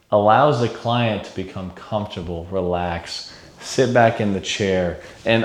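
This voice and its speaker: Low-voiced man coaching in an echoey room. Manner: energetic, coaching, frequent "okay?" check-ins. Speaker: insurance sales coach. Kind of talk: sales training lesson.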